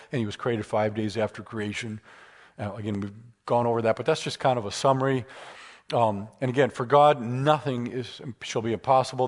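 A man giving a public lecture with Q and A, conversational and emphatic, moving into stories. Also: medium pitch. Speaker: guest speaker.

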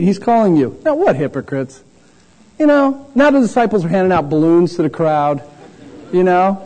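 A man preaching a sermon in an animated way, acting out the voices of the people in his story. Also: high-pitched, a little fast, rough recording. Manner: animated, acts out voices of the disciples and the blind man.

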